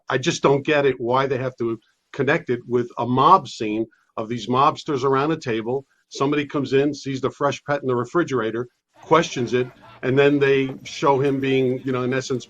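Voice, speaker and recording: A man who heads an advocacy group, giving an indignant, emphatic interview. His pitch is middle of the road. He comes through a muffled remote link that sounds dull and lo-fi. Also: a bit bright. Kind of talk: interview guest.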